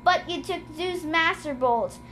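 A woman's voice: very high-pitched, measured pace, a bit bright, slight background noise, voice pushed up. A woman reading the lines of a polite, nervous teenage boy speaking carefully. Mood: pleading. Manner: careful, pleading.

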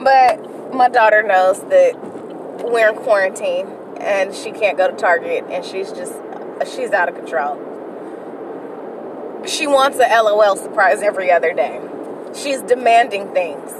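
A woman's voice: mid-range voice, unhurried. A woman, hosting a casual solo podcast, talking candidly and profanely in a rambling way with sudden outbursts, from inside a car. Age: early 30s. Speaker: podcast host. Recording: distant mic with car road noise.

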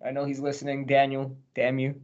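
A man's voice: mid-range voice, monotone, a little fast, lo-fi sound. A man co-hosting a podcast, rambling and joking about football with plenty of swearing. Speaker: podcast co-host. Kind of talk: casual chat about football.

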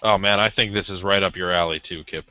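A man's voice: low-pitched, fairly even intonation, quick pace, bright, forceful tone. A man co-hosting a podcast, reviewing a cigar in a rambling, casual way with many ums. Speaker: podcast co-host. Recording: dull lo-fi audio.

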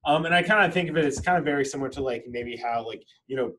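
A man's voice: mid-range voice, fast, a bit bright, poor audio. A man co-hosting a podcast as a teacher, talking in a rambling casual way with many "like" fillers. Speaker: podcast co-host. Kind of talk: casual chat.

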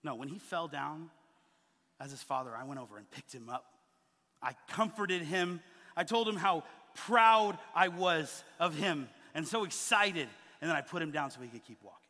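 A man in his thirties preaching a sermon as a pastor, telling stories with lively acted-out quotes. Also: a little high, moderate pace, long reverb tail. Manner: animated storytelling, acting out quoted voices. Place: church sanctuary.

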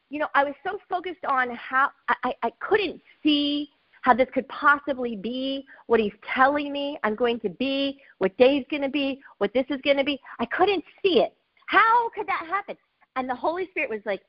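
A middle-aged woman preaching a sermon, telling her own testimony with emotional, animated asides. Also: sits high, moderate pace, lo-fi sound.

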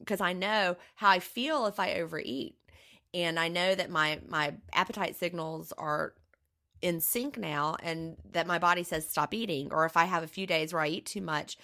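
A woman's voice: on the low side, normal speed, pushed and bright. A middle-aged woman co-hosting a podcast, talking in an earnest, reassuring and personal way in casual chat. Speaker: podcast co-host.

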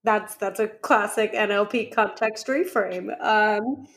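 A woman's voice: mid-range voice, slow, a bit bright. A woman hosting a podcast in loose, chatty talk, giggling and running off on tangents. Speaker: podcast host. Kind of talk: casual podcast chat.

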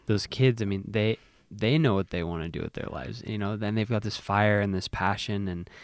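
Man, very low voice, warm supportive host, dry sound. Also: normal speed, creaky, no echo. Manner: supportive listener with short agreements. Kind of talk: casual conversation.

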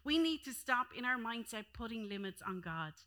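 A woman's voice: fairly high pitch, expressive, normal speed, bright, forceful tone. A woman preaching a sermon, dropping in "amen" often and swinging her voice up and down for emphasis. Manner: calls "amen" often, voice rising and falling with emphasis.

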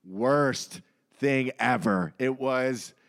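A man's voice: mid-range voice, very slow, fairly bright tone. A young man in casual podcast chat, joking around and swearing as he tells an awkward story. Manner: joking, interjects, swears freely.

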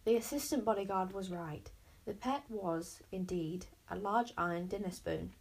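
Gravelly woman reading a storybook. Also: medium pitch. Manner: measured, expressive narration. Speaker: narrator. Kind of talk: storybook read-aloud.

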